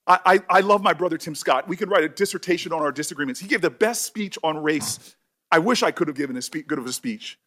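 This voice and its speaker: Emotional, halting high-voiced man. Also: bright, forceful tone. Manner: emotional, halting, repeats words. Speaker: senator. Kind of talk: emotional speech at a hearing.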